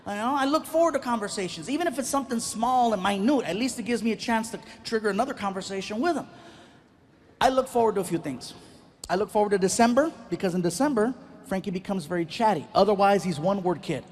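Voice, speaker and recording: A middle-aged man performing a stand-up comedy routine, telling a story with animated delivery and acting out the voices. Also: high voice, fast.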